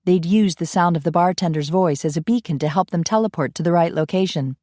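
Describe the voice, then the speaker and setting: A woman narrating an audiobook in an even storytelling read. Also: lowish voice, fairly quick, hardly any pauses, no room sound, clean studio sound. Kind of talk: scripted narration.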